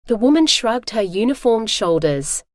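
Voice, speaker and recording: A woman narrating a science fiction romance audiobook in a steady, even reading voice. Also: fairly high pitch, normal speed, dry recording, studio quality. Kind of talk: scripted narration.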